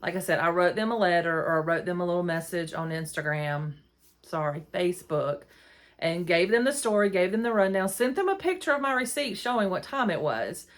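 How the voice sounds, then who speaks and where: A woman's voice: lowish voice, lively intonation, fairly quick. A middle-aged woman, hosting a podcast and telling a rambling, exasperated story into her phone. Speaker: podcast host. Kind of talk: casual storytelling monologue.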